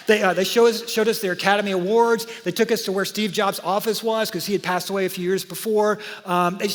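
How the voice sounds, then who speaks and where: A man preaches to his church, his voice pitched high for a man. He tells stories in a lively, chatty way and keeps turning to the congregation. The long reverb of a large church hall hangs behind his words. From Georgia, USA. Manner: animated, conversational, talks to the audience. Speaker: pastor. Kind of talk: sermon with storytelling. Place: church auditorium.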